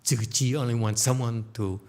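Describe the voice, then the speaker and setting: A man's voice: mid-range voice, steady tone, normal speed, darkish tone. A man teaching as a Buddhist lecturer, telling a story in an informal way and often checking in with "okay?". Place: temple lecture hall.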